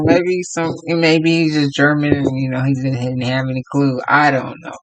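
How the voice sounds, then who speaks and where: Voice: medium pitch, moderate pace, a bit bright, rough recording. A tarot reader from Los Angeles giving a casual, rambling reading to viewers and laughing often.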